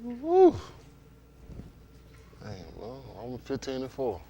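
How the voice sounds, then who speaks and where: A man from Miami leading a congregation, moving between prayer and lively, joking talk with loud exclamations, recorded in a synagogue hall during a livestream. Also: mid-range voice, slow pace, breathy edge. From Miami, Florida. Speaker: congregation leader. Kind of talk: casual sermon talk and prayer.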